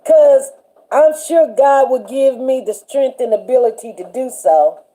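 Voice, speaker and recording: A woman hosting a casual faith chat on a livestream, animated and chatty, laughing often and greeting viewers by name. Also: sits high, unhurried. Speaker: livestream show host.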